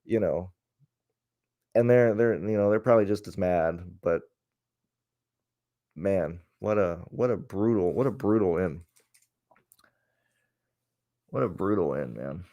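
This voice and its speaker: A man's voice: low-pitched, lively intonation, measured pace, long pauses, mellow. A man hosting a casual livestream, rambling and cursing as he vents his frustration. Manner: rambling and profane, with many restarts; frustrated and venting. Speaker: host.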